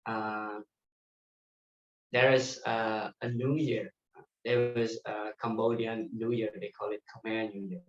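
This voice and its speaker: A man teaching a devotional class in a temple, spinning animated anecdotes and laughing as he goes. The recording is muffled and set back from the microphone, with the hall's echo around him. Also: on the low side, takes it slowly. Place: temple hall. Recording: distant muffled mic in echoey hall.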